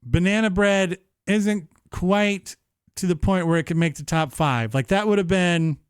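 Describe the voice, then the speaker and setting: A man in his thirties hosting a live-streamed show, chatting casually in an animated, profane, rambling way. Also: sits high, measured pace, clear, resonant tone, no room sound, clean studio sound. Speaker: livestream show host.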